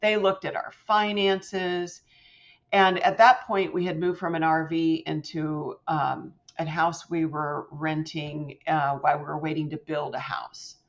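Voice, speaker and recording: On a podcast with slightly muffled lo-fi sound, a middle-aged guest tells a story from her own life at a slightly slow pace. Her delivery is animated, and she acts out quoted voices with dramatic shifts in pitch.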